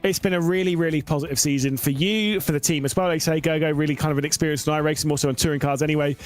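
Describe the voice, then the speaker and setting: A man with a notably high voice calls a live sim race with eager energy. His voice is wearing thin, and he fills the gaps with filler sounds. Faint music runs underneath. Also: racing. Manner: excitable, with frequent filler sounds. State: losing his voice. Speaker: race commentator. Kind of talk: live esports race commentary.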